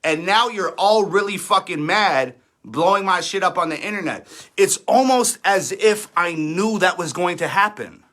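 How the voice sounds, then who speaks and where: A man's voice: sits high, normal speed, bright, forceful tone. A man in his thirties, an independent rapper, ranting defiantly and sarcastically on a livestream, swearing often. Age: 30s. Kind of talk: livestream rant.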